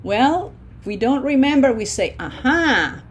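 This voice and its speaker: A woman teaching a language lesson, checking in with her students and slowly modeling each pronunciation for them to repeat. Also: high voice, big pitch swings, slightly rough. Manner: slow, deliberate modeling of pronunciation with encouraging checks. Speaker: Spanish teacher.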